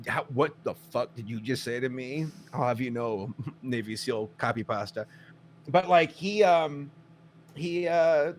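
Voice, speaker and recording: A man co-hosting a casual podcast chat, telling stories with lively acted-out quotes and frequent swearing. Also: a little high. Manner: animated storyteller, acts out quotes, swears. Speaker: podcast co-host.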